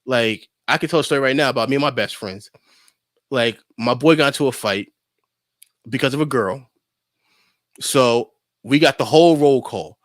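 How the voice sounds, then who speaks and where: A young man on a podcast, casually telling a lively story and acting out his friends' lines, with lots of filler words. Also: mid-range voice, moderate pace, long pauses, no room sound, clean studio sound. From New York. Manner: animated storyteller, acts out friends' voices, lots of "like". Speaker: podcast co-host.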